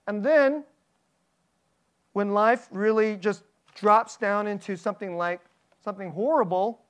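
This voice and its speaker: A pastor giving a sermon, animated, laughing often, asking the audience many questions and acting out quoted voices. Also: medium pitch, measured pace.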